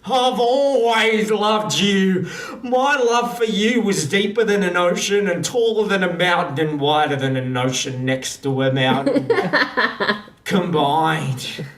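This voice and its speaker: Someone doing a lovesick shouting suitor. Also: medium pitch, animated, slow pace, voice pushed up. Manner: overblown declarations. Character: lovesick young man shouting from airship. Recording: echoey room, from far off.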